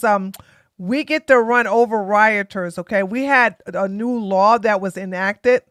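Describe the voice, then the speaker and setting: A woman's voice: a little high, a bit bright, clear, resonant tone, no room sound, clean studio sound. A woman hosting a live stream, giving chatty, sarcastic commentary that rambles along. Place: home in Georgia.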